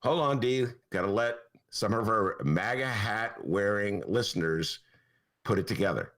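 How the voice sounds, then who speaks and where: A man hosting a podcast as a newspaper columnist, delivering a casual comic monologue in a sarcastic tone and often jumping into high mock voices. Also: a little slow, fairly bright tone.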